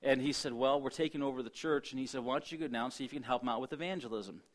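A man's voice: mid-range voice, rapid-fire. A middle-aged man from Ohio preaching, telling a personal testimony with quoted dialogue and frequent restarts. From Ohio, USA. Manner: storytelling, quotes himself and others, many restarts. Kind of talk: sermon testimony.

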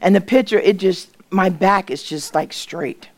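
A middle-aged woman sharing a church testimony, telling her story with reenacted dialogue and moving between hushed, tearful quiet and loud exclamations. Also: on the low side, unhurried. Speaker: guest speaker sharing a testimony.

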